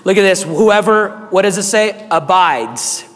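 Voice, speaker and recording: Raspy-voiced pastor preaching in a hall. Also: male voice, high voice, normal speed. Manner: animated preaching with congregation call-and-response. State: hoarse. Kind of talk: sermon.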